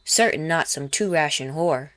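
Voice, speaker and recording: A man's voice: a little high, normal speed, a bit bright, no room sound, close to an everyday voice. A woman voicing a petty young male soldier who stutters, whines and spits out insults. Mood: spiteful. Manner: stuttering, pleading, spiteful.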